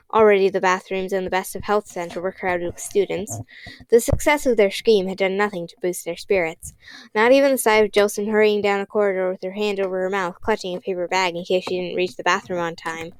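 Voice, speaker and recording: A woman reads a children's novel aloud in a steady, expressive storybook narration. Her voice is mid-pitched, smooth and clear. The recording is close and dry, with no room sound. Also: no room sound. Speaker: audiobook reader.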